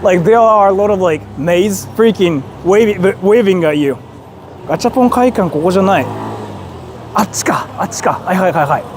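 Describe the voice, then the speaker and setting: Excitable young man on a noisy street. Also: high-pitched, quick pace. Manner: excitable, swears a lot, bursts into shouts. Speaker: streamer. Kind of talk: casual livestream chat while walking. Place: busy city street outdoors. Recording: street noise behind.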